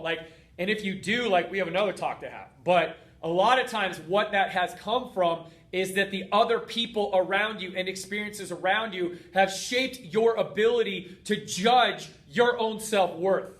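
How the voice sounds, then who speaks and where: A man's voice: high-pitched, moderate pace, a bit bright. A man hosting a heartfelt motivational talk as a fitness coach, earnest and emphatic, stacking up repeated phrases.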